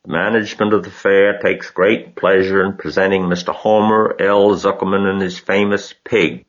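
Pompous male fairground announcer, voiced by a male narrator, raised pitch, lo-fi. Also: level tone, moderate pace, natural voice.

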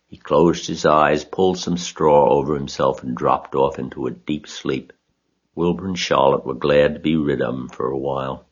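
A man with a husky voice reading a children's story aloud as narrator. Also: extremely low pitch, normal speed, muffled recording.

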